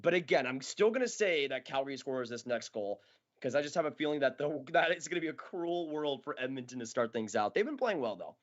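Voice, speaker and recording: A chatty, excitable man hosting a live watch-along, talking casually over the action and laughing often. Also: mid-range voice, fairly quick, lo-fi sound.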